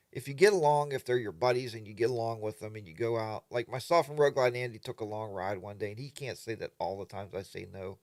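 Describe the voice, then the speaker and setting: An older man hosting a relaxed live chat, reading viewer comments and mimicking other riders in exaggerated voices. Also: on the low side, dry recording, studio quality. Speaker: livestream host.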